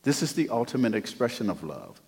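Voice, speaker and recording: A man preaching a sermon as pastor, moving between hushed, quiet passages and loud, emphatic calls to the congregation. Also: medium pitch, huge pitch swings, fairly quick, gravelly, husky. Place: church sanctuary. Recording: long church reverb.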